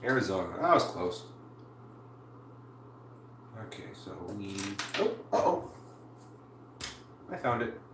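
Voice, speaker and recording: A woman's voice: rumbling low, big pitch swings, slow pace, pauses often. A woman from Canada live-streaming from home, chatting casually with viewers as she builds. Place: home room. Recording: roomy, distant mic with faint hiss.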